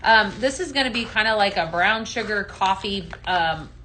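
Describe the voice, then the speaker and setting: Woman, live sales host, casual chatter, bright clear voice, faint background hum. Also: mid-range voice, lively intonation, moderate pace. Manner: chatty, thanks viewers by name, many ums. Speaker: live shopping show host.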